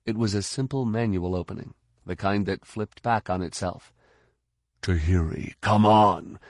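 A man narrating an audiobook in a steady, measured voice. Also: fairly low pitch, no room sound, clean studio sound. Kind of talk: scripted narration.

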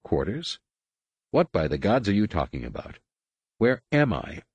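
A man voicing a mad, crippled alien master who swings between cold calm and shrill rage, in a husky, pitched-up voice. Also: unhurried, no echo, muffled recording, heavily acted. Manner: erratic, imperious, shifting between calm and screeching.

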